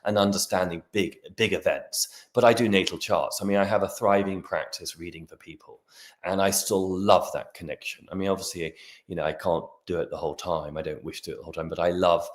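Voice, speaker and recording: A middle-aged man, a guest astrologer on a video-call interview, talking in an expansive, animated way with frequent restarts. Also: low voice, a little fast. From Britain. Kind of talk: podcast interview.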